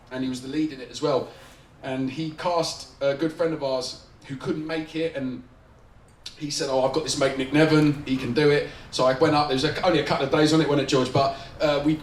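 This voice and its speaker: A man, a film director at a festival Q&A, rambling, swearing and laughing as he talks. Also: a little high. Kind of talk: festival Q&A after a screening. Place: screening venue with an audience. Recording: roomy, distant, audience and noise behind.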